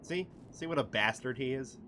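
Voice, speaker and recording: Man, game streamer, casual commentary, swearing, very bright voice, faint background hiss. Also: mid-range voice, normal speed. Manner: profane, excitable, laughing often.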